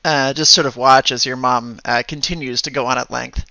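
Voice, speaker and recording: A man narrating a tabletop game as game master, halting and thinking aloud as he goes. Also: mid-range voice, steady tone, vocal fry, bright, forceful tone, dry recording, lo-fi sound.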